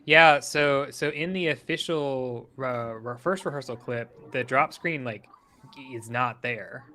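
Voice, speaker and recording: A man co-hosting a relaxed stream, his voice bright and forward. He talks eagerly and in detail, stacking observations on top of each other. The pitch sits in an ordinary middle range. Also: takes it slowly. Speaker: stream co-host. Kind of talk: casual chat.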